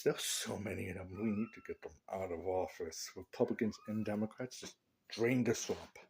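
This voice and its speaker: A man ranting casually to his camera, rambling from point to point and laughing at his own jokes. His pitch swoops up and down a lot as he gets worked up. A faint hiss sits under the voice. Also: lively intonation, moderate pace, gravelly, a little mellow. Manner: rambling, joking, opinionated, laughs at own lines. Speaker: vlogger. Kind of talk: casual opinion rant to camera.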